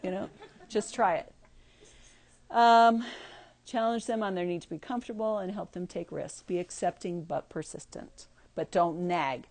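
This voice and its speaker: A woman leading a group workshop, talking haltingly with many fillers and frequent laughs. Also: lowish voice, a little mellow. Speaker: workshop leader. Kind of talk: group discussion, teaching.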